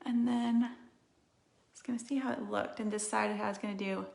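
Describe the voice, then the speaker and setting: A woman's voice: medium pitch, steady tone, normal speed, gravelly, a little mellow. A woman in her thirties hosting a casual live makeup tutorial from her home, rambling and chatty as she reads out viewer comments. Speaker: beauty livestream host. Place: room in her home, indoors. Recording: roomy echo of a home room.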